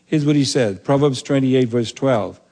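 A man pastor preaching a sermon in an earnest, emphatic way, slowing down to read scripture aloud. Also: medium pitch, warm tone.

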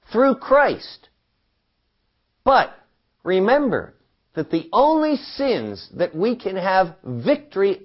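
Animated slow-talking Bible teacher, a man. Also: on the high side, dull audio. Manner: animated, asks the listeners questions and quotes scripture.

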